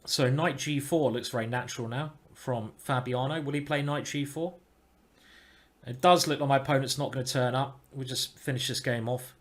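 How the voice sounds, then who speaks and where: A man giving casual live-stream chess commentary, thinking aloud with restarts and breaking into excited exclamations. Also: mid-range voice, moderate pace. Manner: bursts into excited exclamations at good moves.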